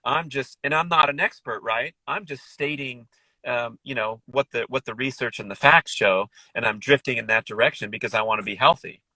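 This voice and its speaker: A man's voice: medium pitch, fairly quick, sharp tone, no echo, poor audio. A middle-aged man guesting on a podcast, talking enthusiastically in a rambling, casual way with frequent restarts. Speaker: podcast guest, wellness author.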